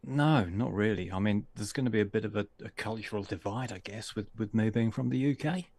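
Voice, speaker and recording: A British man with a fairly low, gravelly voice, chatting as a podcast guest. He jokes dryly and runs himself down with a grin in his voice. The sound is close and dry, with no room in it. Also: fairly quick, darkish tone, no echo. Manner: self-deprecating, dry joking. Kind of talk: casual comedy podcast chat.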